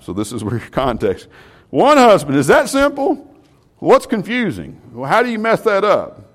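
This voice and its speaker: A man preaches to a small Bible class. His voice sits a bit high for a man and swings widely in pitch. He keeps throwing rhetorical questions at his listeners. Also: huge pitch swings, normal speed.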